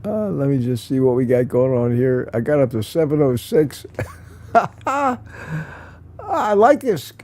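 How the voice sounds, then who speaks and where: A man's voice: mid-range voice, sing-song, unhurried, long pauses, a little mellow. A man hosting a casual live morning stream, telling rambling stories, chuckling often and answering viewer comments.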